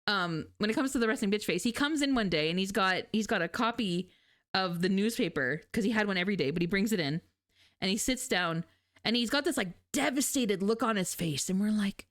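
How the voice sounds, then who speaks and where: A woman's voice: medium pitch, lively intonation, a little fast, fairly bright tone. A young adult woman, streaming and chatting casually with her viewers, telling stories animatedly and laughing often. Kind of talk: casual chat with live chat.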